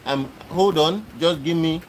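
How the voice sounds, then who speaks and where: A man hosting a live stream, talking back to his chat and repeating himself as he lectures and argues. His voice sits fairly high for a man, with a faint hiss of background noise. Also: measured pace, rough recording. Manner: argumentative, repetitive, exasperated lecturing. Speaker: livestream host. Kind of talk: live-stream talk answering chat comments.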